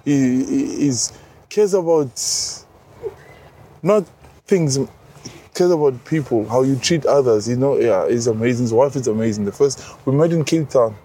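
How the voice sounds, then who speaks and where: A South African man in his thirties, a rugby captain, telling stories in relaxed casual chat as an interview guest. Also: medium pitch, a little hiss or hum. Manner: relaxed storytelling, says bro a lot, many restarts.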